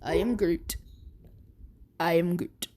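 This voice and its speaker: A woman voicing a gentle tree boy who speaks slowly and earnestly. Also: on the low side, breathy edge, voice pushed down. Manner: slow, earnest. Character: gentle tree boy who only says one phrase.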